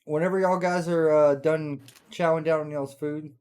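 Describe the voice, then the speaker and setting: Relaxed, joking male player. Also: fairly high pitch, normal speed, smooth. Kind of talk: casual chat at a game table.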